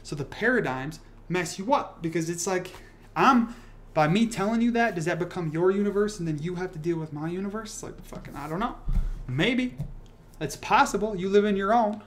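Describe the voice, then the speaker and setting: Reading viewer comments on his casual livestream, a young man rants in a rambling, profane, animated way. His voice sits high and runs a little fast, with slight noise behind it.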